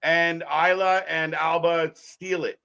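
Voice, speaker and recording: A man co-hosting a live wrestling watch-along, animated and swearing, talking to viewers as folks. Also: on the high side, slow pace, vocal fry, smooth. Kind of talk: live alternative commentary chat.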